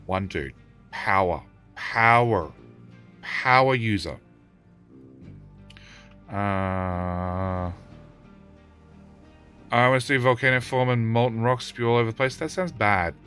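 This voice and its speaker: A man's voice: lowish voice, lively intonation, takes it slowly, long pauses, a bit bright, faint music behind. A middle-aged man, live-streaming a game, bossing his in-game units about and bantering loosely with chat. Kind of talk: live gameplay stream, chatting with viewers.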